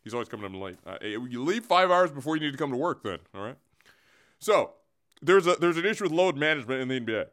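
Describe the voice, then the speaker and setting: A man's voice: medium pitch, very animated, quick pace, a bit bright. A man hosting a comic sports segment, rambling and boastful in a mock-grandiose way, with lots of restarts. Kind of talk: comedic sports rant.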